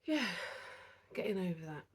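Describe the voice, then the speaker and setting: A woman's voice: lowish voice, sing-song, normal speed, slightly rough. A woman with a cold, a bit out of breath, chatting casually about her cross stitch at home, rambling with lots of fillers. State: out of breath, getting over a cold. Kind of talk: casual chat. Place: indoors at home, seated on a dining chair.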